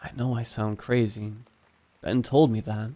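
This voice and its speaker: A man reading a horror story aloud as a steady, scripted narration. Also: fairly low pitch, unhurried.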